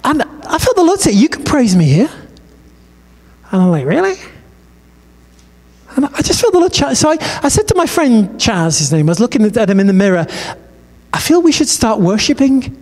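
A man preaching a sermon, telling a story in a conversational, animated way and acting out the dialogue. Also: high-pitched, moderate pace, long pauses. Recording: long hall reverb.

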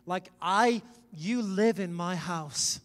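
High-voiced preacher in an echoing hall. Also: male voice, slow. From Wales. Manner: emphatic, conversational preaching with sudden loud swells. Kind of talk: sermon. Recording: long reverb in a large hall.

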